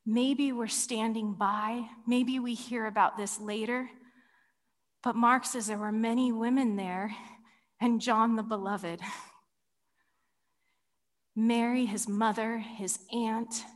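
Woman preacher, sermon storytelling, slow and deliberate, higher voice, long hall reverb. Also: steady tone. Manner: dramatic, shifting between loud cries and hushed whispers. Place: large hall with ceiling.

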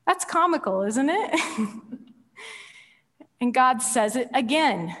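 This woman preacher sounds high-pitched, animated and fairly bright, taking her time with long pauses. She tells a story playfully in her sermon, laughing and posing rhetorical questions. Her words ring with the long reverb of a big church hall.

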